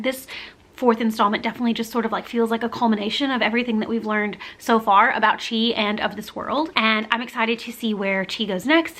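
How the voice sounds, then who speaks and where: A young woman from the American South gives a casual, candid book review, rambling a little with fillers and restarts. Her voice sits slightly higher than most women's. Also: a bit bright.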